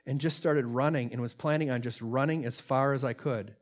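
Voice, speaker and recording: Man, preacher, earnest sermon, reads quotes aloud, mid-pitched, loud on the quotes. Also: moderate pace. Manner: earnest, rising in volume on quotes, many fillers. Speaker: pastor. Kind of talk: sermon with read-aloud transcript.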